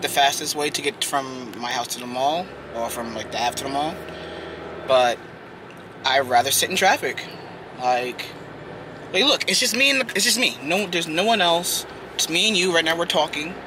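A man's voice: fairly high pitch, noisy background. A man chatting casually while he drives, rambling with lots of fillers. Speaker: vlogger. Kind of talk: casual vlog chat while driving. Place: in his car.

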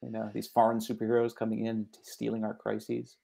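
Wry male co-host with gravelly voice. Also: on the low side, monotone, brisk, dark tone. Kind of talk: casual livestream chat.

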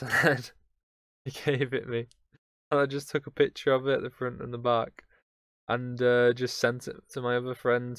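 Young man, podcast host, rambling anecdote, smooth clear voice, dry close sound. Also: medium pitch, no room sound. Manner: rambling, lots of fillers and restarts. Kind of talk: casual storytelling.

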